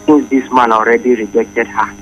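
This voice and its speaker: A man with a Nigerian accent calling in to a radio show, giving measured, earnest advice. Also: mid-range voice, little pitch movement, highs cut off, a little hiss or hum. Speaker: caller.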